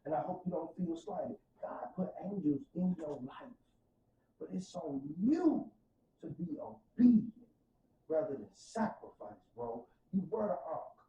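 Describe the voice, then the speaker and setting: A man with a St. testifies with the fervor of a preacher, dropping to a hush and then rising loud. His voice is mellow and dark, heard from some distance in a roomy space. The sound is dull and a little lo-fi. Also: fairly high pitch, slight background noise. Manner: fervent, preacher-like, swings from soft to loud. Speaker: podcast guest. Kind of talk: emotional testimony in casual podcast talk. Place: podcast studio room.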